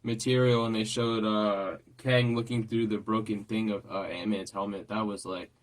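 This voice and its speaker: A man's voice: on the low side, level tone, normal speed. A man hosting a casual trailer reaction, rambling and repeating himself as he thinks aloud. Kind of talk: casual chat.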